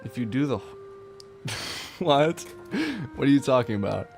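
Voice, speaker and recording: A man streaming live from a warm room at home, chatting casually and jokingly with his chat and laughing often. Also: medium pitch, lively intonation, unhurried, vocal fry. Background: faint game music.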